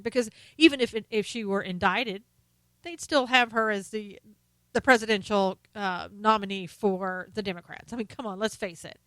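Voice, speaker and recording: A woman's voice: mid-range voice, fairly bright tone, clear, resonant tone, no room sound. A woman hosting a political opinion talk show, speaking in an indignant, sarcastic way with exclamatory asides.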